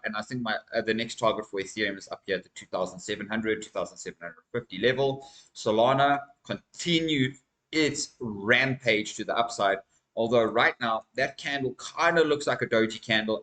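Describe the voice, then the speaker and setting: On a low-quality recording, a man with a medium-pitched, slightly bright voice hosts a crypto channel. He goes over market news and charts in a casual, emphatic vlog style, addressing his viewers as "guys."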